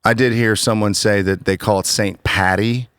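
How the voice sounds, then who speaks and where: Guy hosting a church podcast, lowish voice, dry close sound, chatty and animated. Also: moderate pace, clear, resonant tone, dry recording. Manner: animated, chatty, many restarts. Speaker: podcast host. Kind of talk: casual chat.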